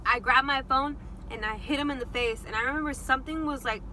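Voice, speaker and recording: A young woman telling a story casually while eating, chatty and animated with lots of fillers. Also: sits high, quick pace, a little hiss or hum, low-quality recording. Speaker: vlogger.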